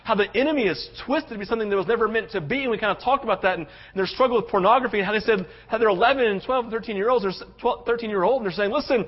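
A male pastor preaching a sermon, passionate, swinging between loud urgency and hushed tenderness. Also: sits high, very fast, hardly any pauses. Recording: dull lo-fi sound.

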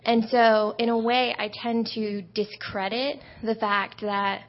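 A young woman in her late teens, a high school student, giving a thoughtful personal testimony with small pauses. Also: flat delivery. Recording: dull lo-fi audio.

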